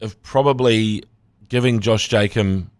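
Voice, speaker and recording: Kiwi bloke on a sports podcast, lowish voice, dry close mic, jokey and lively. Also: male voice, a little slow, dry recording. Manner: animated, jokey, breaks into mock voices. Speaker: podcast co-host. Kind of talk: casual sports chat. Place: studio.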